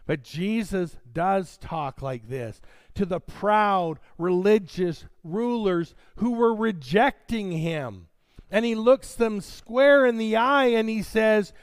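A man preaches a sermon, reading scripture dramatically and speaking straight to his congregation. His voice sits high and slow with a clean tone, in a dry recording.

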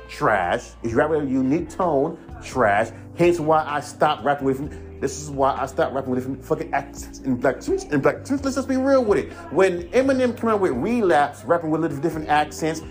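A man's voice: on the high side, animated, moderate pace, faint music behind. A man in his thirties rants in a heated, profane, rambling way on a casual podcast. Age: 30s. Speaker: podcast host, rapper. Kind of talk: casual ranting monologue.

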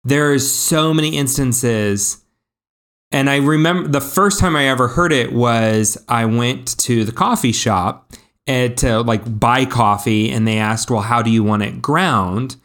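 A man's voice: mid-range voice, a little slow, fairly bright tone. A man in his thirties co-hosting a podcast, with a mid-range voice. He tells stories in a loose, rambling way, full of likes and restarts. He sounds casual and chatty. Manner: rambling storyteller, many fillers and restarts. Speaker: podcast co-host. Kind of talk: casual chat.

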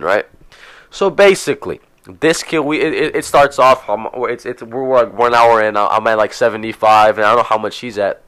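A man's voice: mid-range voice, a little fast, fairly bright tone, smooth. A young man co-hosting a podcast in casual chat, telling a profane story with stumbling restarts. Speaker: podcast co-host.

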